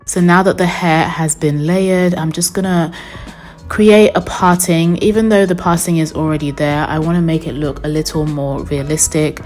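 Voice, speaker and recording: A woman's voice: deep voice, steady tone, moderate pace, darkish tone, soft background music. A young woman narrating a wig install tutorial as a voice-over, chatty and upbeat, talking straight to her viewers. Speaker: beauty vlogger.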